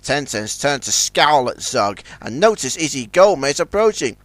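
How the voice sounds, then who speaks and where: A man's voice: mid-range voice, very animated, normal speed, a bit bright, dry recording. A man reading a children's story aloud as narrator, switching between character voices.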